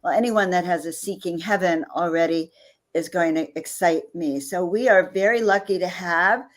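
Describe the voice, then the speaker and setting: A woman's voice: lowish voice, normal speed. Upbeat woman co-hosting a live stream. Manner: enthusiastic, upbeat introductions. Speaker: co-host.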